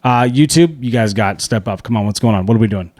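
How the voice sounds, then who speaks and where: A middle-aged man co-hosting a podcast, in loose, profane banter full of quick laughs. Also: on the low side, expressive, darkish tone, no room sound, clean studio sound. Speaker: podcast co-host. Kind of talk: casual chat. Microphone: podcast mic.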